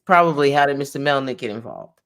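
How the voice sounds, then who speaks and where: A woman's voice: extremely low pitch, lively intonation, fast talker. Woman attorney reading a court transcript. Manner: reads the transcript aloud, naming each speaker as she goes.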